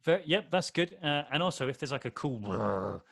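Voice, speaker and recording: A man's voice: medium pitch, very animated, normal speed, creaky, no room sound. A man co-hosting a podcast in casual chat, teasing and playful in banter. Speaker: podcast co-host.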